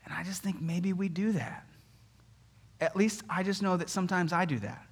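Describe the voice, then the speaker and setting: A man in his thirties, a pastor giving a sermon in an animated, conversational way, telling stories with humor. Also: high voice, normal speed, slightly rough.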